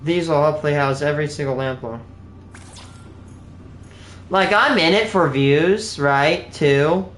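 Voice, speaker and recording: A man's voice: a little high, measured pace, pauses often, a bit bright, faint music behind. A young man streaming a game live, chatting to viewers in a casual, earnest, rambling way. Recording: echoey room with faint background hum.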